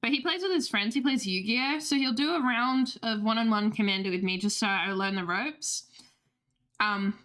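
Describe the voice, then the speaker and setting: Chatty high-voiced woman streamer. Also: normal speed, fairly bright tone. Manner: chatty, swearing, laughing asides. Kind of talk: casual livestream chat.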